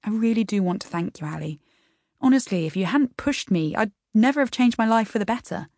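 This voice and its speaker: A woman's voice: medium pitch, expressive, fairly quick, darkish tone, dry recording, studio quality, voice pushed up, close to an everyday voice. A woman reading the part of a friendly, sentimental married man who asks chatty, teasing questions in an audiobook. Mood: earnest.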